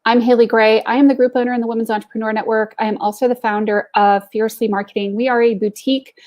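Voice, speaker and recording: A middle-aged woman hosts a live stream with a fairly high, upbeat voice. She talks directly to her viewers, mixing encouragement with little jokes and stories. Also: little pitch movement, quick pace, darkish tone. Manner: tells jokes and anecdotes. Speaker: host of an online women's business group. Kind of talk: live-stream pep talk.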